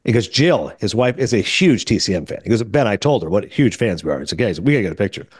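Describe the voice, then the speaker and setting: A middle-aged man hosting a podcast, telling a story in casual chat and quoting people in quick back-and-forth. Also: lowish voice, breathy edge, no room sound, studio quality. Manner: animated, quotes others in quick back-and-forth. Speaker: podcast host.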